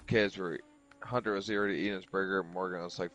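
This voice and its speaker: A man with a very low voice telling a personal story while he plays, rambling and cursing as he goes. Faint music runs underneath. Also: fairly even intonation, brisk, a bit bright, rough recording. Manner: rambling, profane, heavy use of "like". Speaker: streamer chatting while gaming. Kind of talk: casual chat storytelling.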